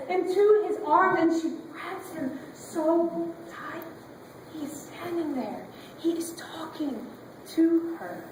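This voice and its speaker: A woman's voice: high voice, darkish tone, slight background noise. A woman pastor preaching a sermon with dramatic, emotive storytelling, recorded from a distance in a very echoey church sanctuary.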